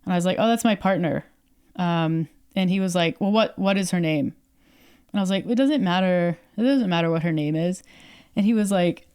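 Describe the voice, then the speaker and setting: Telling a story on the podcast she co-hosts, a young adult woman from Canada acts out quoted dialogue and uses plenty of fillers. Her voice is fairly low, a little mellow, and clean in tone, at a moderate pace.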